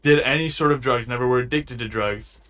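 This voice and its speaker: A man's voice: mid-range voice, brisk, fairly bright tone. A man interviewing someone online in blunt, casual, slangy talk.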